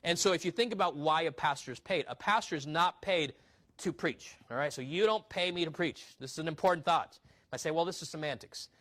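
Preaching briskly in a pushed, bright voice that sits a little above most men's, this pastor reads scripture and asks the congregation rhetorical questions. His sermon stays loose and conversational, more teacherly explanation than thunder.

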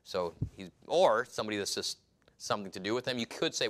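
A male preacher working verse by verse through a text, reading old scripture aloud and breaking into acted-out scenes. His voice is bright and ringing, with a middle-range pitch and an animated, conversational delivery. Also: a little fast. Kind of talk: expository sermon.

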